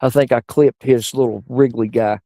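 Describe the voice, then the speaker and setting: A middle-aged comedian with a gravelly, rough voice, spinning crude rambling stories. The sound is dry and close, with no room around him. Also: male voice, steady tone, normal speed, dark tone, no echo. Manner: crude, rambling anecdotes with sudden high-pitched outbursts. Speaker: stand-up comedian. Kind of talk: stand-up storytelling.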